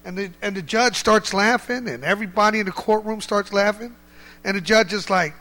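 A man telling a funny personal story as a church testimony, animated and colloquial, laughing as he goes. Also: high-pitched, brisk, long reverb tail. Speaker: church speaker giving a testimony. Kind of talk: humorous storytelling.

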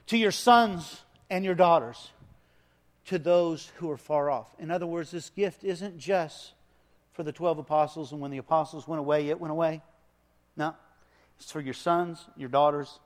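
A man preaching a sermon as pastor, swinging from hushed lines to loud, emphatic ones. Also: fairly high pitch, long reverb tail.

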